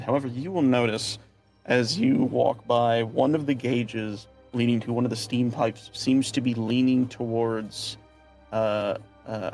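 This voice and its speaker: A man's voice: medium pitch, darkish tone. A young man running a tabletop game as game master, narrating casually with fillers and restarts.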